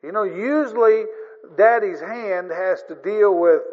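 A man's voice: sits high, measured pace. A man preaching a sermon in an earnest, folksy way, rising in emphasis. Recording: long reverb, dull lo-fi sound.

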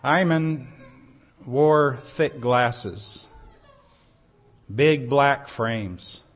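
A man delivers a sermon at a very unhurried pace, weaving a personal story into his teaching. His mid-range voice turns earnest and emphatic as he lifts certain phrases. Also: medium pitch. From United States. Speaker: preacher.

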